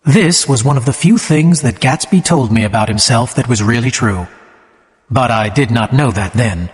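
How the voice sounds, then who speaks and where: A man narrating an audiobook for English learners in a measured, clearly enunciated way. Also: mid-range voice. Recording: long hall reverb.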